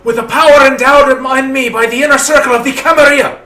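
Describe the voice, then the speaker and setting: A man's voice: high voice, lively intonation, slow pace, sharp tone, faint music behind, pitched above the performer's own voice, full character voice. A man voicing a haughty, commanding male vampire prince with a put-on Spanish accent, bellowing formal proclamations. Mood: wrathful proclamation. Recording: roomy echo.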